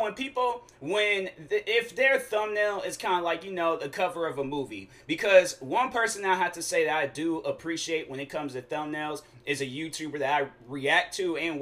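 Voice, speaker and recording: A young man talks through a solo podcast episode in a loose, rambling way, full of slang and mid-sentence corrections. His voice is bright and a little on the high side for a man. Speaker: podcast host. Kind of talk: casual solo podcast monologue.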